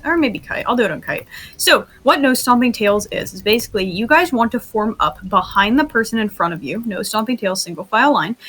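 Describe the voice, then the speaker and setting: A woman's voice: on the high side, fairly bright tone. Giggly woman leading a roleplay drill. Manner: giggly, keeps laughing mid-instruction; coughing fits. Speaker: training host. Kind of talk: leading a group roleplay training.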